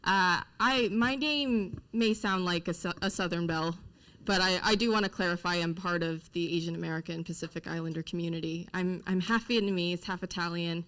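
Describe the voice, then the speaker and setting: Young woman candidate at a forum, heartfelt and halting, slightly low voice. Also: fairly bright tone. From New Jersey. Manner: emotional, earnest, many fillers and restarts. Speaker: congressional candidate. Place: event room with food.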